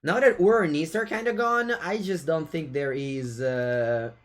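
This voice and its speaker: Slightly high in pitch and at a moderate pace, a man with an Italian accent commentates his own card game on a live stream. He banters with viewers and mocks his opponent in a playful way.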